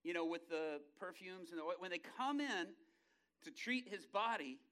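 A male pastor preaching a lively sermon, acting out scenes in voices and ending in a hushed prayer. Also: high-pitched, moderate pace, smooth.

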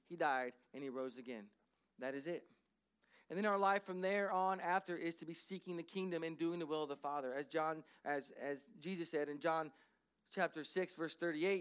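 A man preaching a sermon as pastor of his church. He drawls the scripture readings with emphasis and drops into quick asides to the congregation. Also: a little high.

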